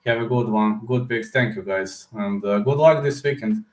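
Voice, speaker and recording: A man chats casually on a livestream, his voice sitting a little low and sounding hoarse. He talks haltingly, often stopping to hunt for the right English word. The room around him gives the voice a noticeable echo. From Serbia. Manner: halting, searching for words, many fillers. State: hoarse throat. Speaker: livestream host answering chat.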